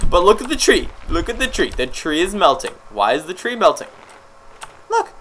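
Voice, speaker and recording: A man giving excitable, joking gameplay commentary, swearing and yelling at the game. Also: mid-range voice, unhurried, long pauses, slight background noise, poor audio. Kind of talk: let's play commentary.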